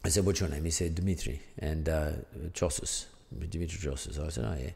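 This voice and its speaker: A man's voice: extremely low pitch, brisk, creaky, a little mellow, long reverb tail. An Australian man, a podcast guest, telling a story in a rambling, casual way full of fillers. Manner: rambling, peppered with "blah, blah, blah" and fillers.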